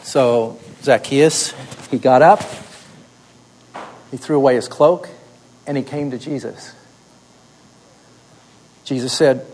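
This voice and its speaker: A man's voice: mid-range voice, takes it slowly, long pauses, a little mellow, low-quality recording. A man teaching a seminary class how to tell a story aloud, explaining and then telling it himself on a wired mic. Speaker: teacher of oral Bible storytelling. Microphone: wired microphone.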